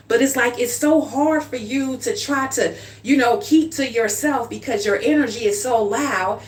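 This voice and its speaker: A woman's voice: a little high, moderate pace, few pauses. A woman giving a livestream tarot reading in a chatty, informal way, often checking in with "okay?" and calling the listener "dear one". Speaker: tarot card reader. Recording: slightly distant mic with faint hum.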